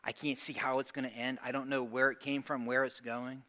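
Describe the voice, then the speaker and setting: A man's voice: medium pitch, level tone, fairly quick, sharp tone. A male pastor preaching a sermon with emphatic call-and-response, putting direct questions to his congregation.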